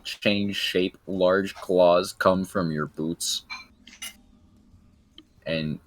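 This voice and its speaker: A young man narrating as game master of a tabletop game, halting with many fillers. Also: low voice, fairly even intonation, no room sound.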